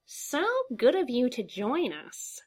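Brief: woman putting on a sing-song male killer clown, high-pitched and slow, storybook menace. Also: sing-song, darkish tone, slightly rough, exaggerated voice. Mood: mocking. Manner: sing-song, drawn-out taunting.

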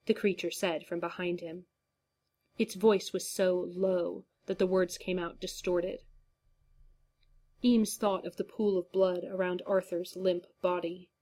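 A woman narrating a story in a measured, even storytelling manner. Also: lowish voice. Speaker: audiobook narrator.

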